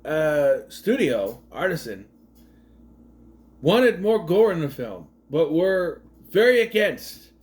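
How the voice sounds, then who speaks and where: A man with a slightly higher-than-usual voice who talks through a film recap in a loose, rambling way. He restarts his sentences and leans on fillers. He keeps tossing in sardonic questions. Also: big pitch swings, slow, darkish tone. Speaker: movie commentary host. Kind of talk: casual spoken movie recap.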